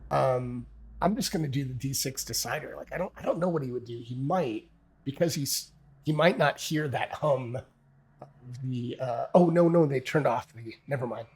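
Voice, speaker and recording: A man's voice: medium pitch, normal speed, darkish tone, slightly rough. A man thinking aloud as he plays a solo tabletop game, narrating dice rolls and often stopping to correct himself.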